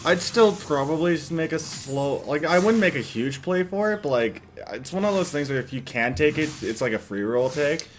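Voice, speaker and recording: A man's voice: on the high side, expressive, normal speed, hardly any pauses, a little hiss or hum. A man doing casual, chatty colour commentary on an esports match. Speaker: esports co-caster.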